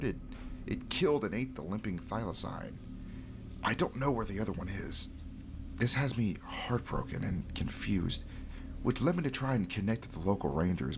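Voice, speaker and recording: A man putting on an outdoorsy guy, who reads his own posts aloud in a put-on accent, low and lively. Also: creaky, noisy background. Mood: worried. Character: male outdoorsman camping alone in his van.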